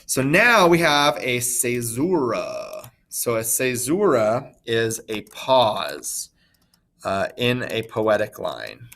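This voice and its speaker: A man's voice: medium pitch, very animated, slow, creaky, fairly bright tone. A man teaching a recorded lesson in a casual, chatty way, with asides and fillers. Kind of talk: recorded screen-share lesson.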